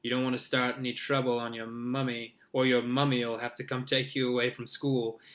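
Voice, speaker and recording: A man reading aloud, voicing a spoiled teenage schoolboy bully who speaks in a loud, scathing, mocking way. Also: mid-range voice, flat delivery, brisk, natural voice. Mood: sneering.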